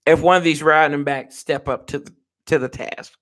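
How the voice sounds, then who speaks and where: A man's voice: fairly high pitch, steady tone, normal speed, a bit bright. A man hosting a sports fan show, ranting with fired-up, profane energy and talking to viewers as y'all. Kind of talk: live-stream rant.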